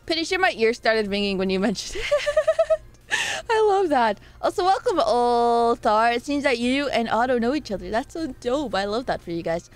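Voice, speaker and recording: A woman's voice: on the high side, big pitch swings, moderate pace, dry recording. A young woman streaming live, chatting playfully and rambling as she reads her chat aloud.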